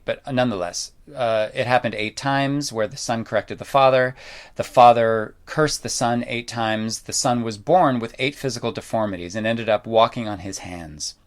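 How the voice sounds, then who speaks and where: A man telling a story in a casual, loose way, wandering into asides and dropping in mild swearing. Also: lowish voice. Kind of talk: casual spoken storytelling talk.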